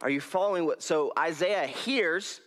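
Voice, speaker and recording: A young male preacher, giving a folksy, animated sermon in a church hall on a headset mic and laughing often. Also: fairly high pitch, moderate pace.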